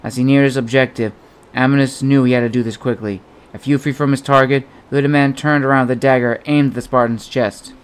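Guy reading an adventure audiobook, steady storyteller voice. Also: medium pitch, brisk, smooth. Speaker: audiobook narrator. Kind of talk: audiobook narration.

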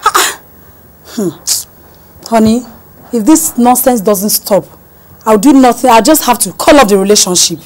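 A woman's voice: on the high side, expressive, normal speed, pauses often, close to an everyday voice, poor audio. An actress playing a proud, wealthy middle-aged mother who soothes her daughter. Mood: haughty. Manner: soothing, then haughty. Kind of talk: film drama dialogue.

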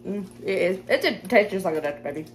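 A woman's voice: on the low side, expressive, a little hiss or hum. Chatty Southern woman cooking at home. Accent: Southern American. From Southern United States. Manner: chatty, self-deprecating, quick to laugh. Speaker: cooking vlogger. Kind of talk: casual cooking demonstration. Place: home kitchen.

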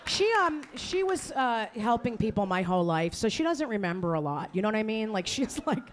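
A woman's voice: mid-range voice, sing-song, brisk. A woman doing live stand-up comedy on a club stage, with a brash, crude delivery and sudden jumps in her voice. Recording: live club audience and noise.

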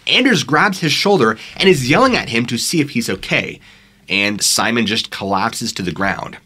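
A man's voice: medium pitch, lively intonation, moderate pace, pushed and bright, slightly rough. A man narrating scary true stories in a dramatic, suspenseful storytelling manner on a studio microphone.

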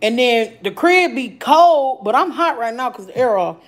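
Casting note: woman livestream host, brash, profane, higher-pitched voice, talking to chat. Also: normal speed, low-quality recording. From Arizona. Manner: loud, profane, animated, reading and answering chat comments. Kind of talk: casual live-stream chat. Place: home.

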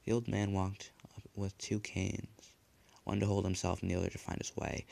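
A man narrating a dark horror story in a measured, hushed delivery. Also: low voice, flat delivery, vocal fry. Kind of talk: dramatic horror story reading.

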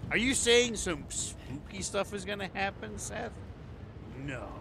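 A man's voice: sits high, lively intonation, a little slow, gravelly, noisy background. A man giving casual, sweary, joking commentary while streaming a game. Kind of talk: casual let's play commentary.

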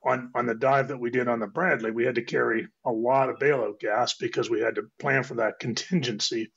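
Hoarse man with a cold, gravelly fry, casual rambling talker, muffled lo-fi audio. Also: mid-range voice, steady tone, a little fast, a bit bright. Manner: rambling, restarts phrases. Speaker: guest technical diver. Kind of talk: casual round-table chat. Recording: dull lo-fi audio.

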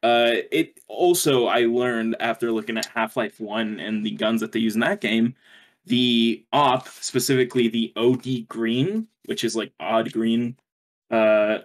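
A man's voice: mid-range voice, fairly even intonation, a little slow. Young male co-host, loose and rambling, curses casually, frequent laughs. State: hiccuping. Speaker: podcast co-host. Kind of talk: casual gaming chat.

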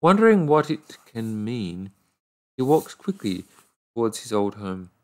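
A man reading a fairy tale aloud, unhurried, now and then stumbling and correcting a word. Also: mid-range voice, very animated, darkish tone. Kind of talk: read-aloud storybook narration.

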